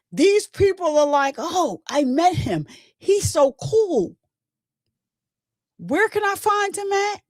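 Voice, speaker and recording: A woman's voice: high voice, darkish tone, no room sound. A woman hosting a casual commentary livestream, chatting along and bleeping her own swear words.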